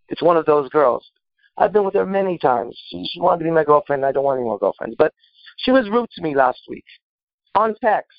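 Brash, swearing man, lively pitch. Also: no room sound, dull audio. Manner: boastful, swearing, rambling with filler words. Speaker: panel host answering a listener question. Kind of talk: brash profane casual talk.

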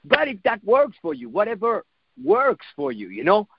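A man's voice: sits high, huge pitch swings, normal speed, muffled recording, background noise. A man giving a motivational self-help talk in a reflective coaching manner, repeating phrases and swearing now and then.

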